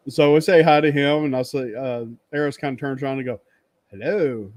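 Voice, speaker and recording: A man's voice: fairly high pitch, unhurried, pauses often, darkish tone, no room sound. A man hosting a casual livestream chat, telling a rambling story, laughing often and acting out the greetings he traded. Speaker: livestream host. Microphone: webcam stream setup.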